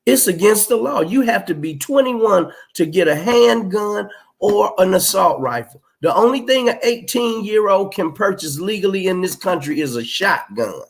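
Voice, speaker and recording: A man's voice: high-pitched, lively intonation, normal speed, creaky. A middle-aged man, hosting a livestream and reading out chat comments in a blunt, emphatic, profane way. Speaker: livestream host.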